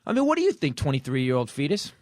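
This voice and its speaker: Middle-aged guy hosting a comedy podcast, animated, acts out his buddies, dry room. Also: on the high side, quick pace, dry recording. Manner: animated storytelling, acts out quoted friends. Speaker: podcast host. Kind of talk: casual comedy podcast talk.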